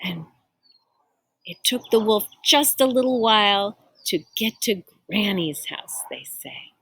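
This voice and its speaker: A woman reading a picture book aloud to children, expressive, stopping to explain words and ask the listeners questions. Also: mid-range voice, a little slow, slightly rough, no echo. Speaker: storyteller.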